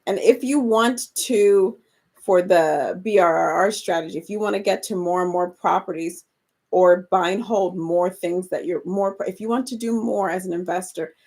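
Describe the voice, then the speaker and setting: A woman co-hosting a casual chat about remodeling investment properties, agreeable and quick to laugh. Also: on the low side, darkish tone. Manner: encouraging, agreeable, laughs often. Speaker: co-host.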